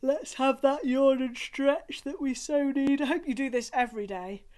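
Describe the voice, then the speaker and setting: A woman with a Scottish accent leading a singing group's online warm-up, gentle and encouraging with light laughs. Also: high voice, moderate pace. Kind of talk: online vocal warm-up class. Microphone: home recording for video.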